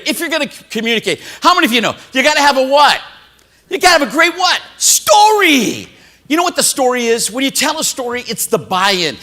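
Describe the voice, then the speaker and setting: Man, motivational keynote speaker, higher voice, bright and forceful, big swings in pitch, crowd-engaging. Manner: animated, exclaiming, asks the crowd questions. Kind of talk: keynote speech to a live audience. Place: hotel event hall.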